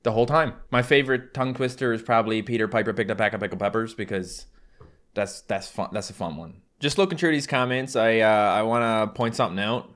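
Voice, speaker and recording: A man's voice: fairly low pitch, brisk, a bit bright. A man from Newfoundland with a Newfoundland accent, chatting casually to his viewers in a rambling, self-deprecating way full of fillers and restarts. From Newfoundland, Canada. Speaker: YouTuber answering fan questions. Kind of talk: casual chat.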